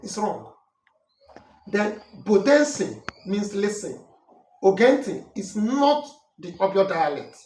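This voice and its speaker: A Nigerian man with a fairly high voice and an Ikwerre mother tongue explains dialect words in an earnest, emphatic, correcting way. He stands back from the microphone in a roomy, echoing space, with a faint hiss underneath. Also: a little mellow. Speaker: language and culture teacher. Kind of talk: explanatory talk on names and dialect. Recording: roomy echo from a distant mic, faint noise.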